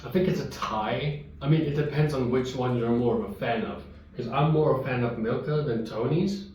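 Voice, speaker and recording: A medium-pitched man at a moderate pace rambles casually through a chocolate tasting, occasionally speaking mid-chew. Lo-fi sound, a very echoey room, and a distant mic capture him, with soft guitar music playing.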